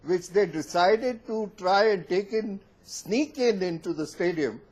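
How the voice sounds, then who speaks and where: A man's voice: high-pitched, unhurried, darkish tone. A male studio panelist on a TV news debate, speaking in an indignant, scornful way.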